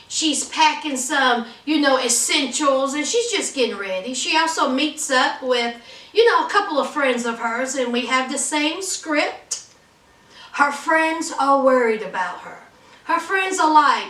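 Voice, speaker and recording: Sassy high-voiced woman recapping reality TV. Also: sharp tone, roomy sound, recorded from a distance. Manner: sassy, dramatic, gossipy. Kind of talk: casual commentary.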